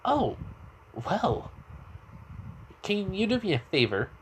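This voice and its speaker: A man voicing an elderly woman who works as a school nurse, brisk and fussing, in an improvised spoken fan story. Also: high-pitched, wildly swooping pitch, a little hiss or hum, pitched above the performer's own voice, exaggerated voice.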